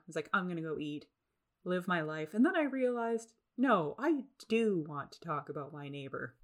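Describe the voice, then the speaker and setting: A young woman with a low voice talks through her solo podcast from home. She rambles from one thing to the next, full of sarcastic, self-deprecating asides. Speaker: podcast host. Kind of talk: casual solo podcast monologue. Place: home in the suburbs.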